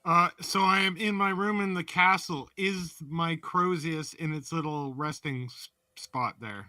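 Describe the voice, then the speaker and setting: A man playing a tabletop game with a bright, forceful voice that is somewhat raised in pitch. He sits a little way off the mic in a dry, dead room and asks questions about the scene. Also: fairly even intonation, unhurried, dry recording, distant mic. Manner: inquisitive, describes his actions. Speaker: player.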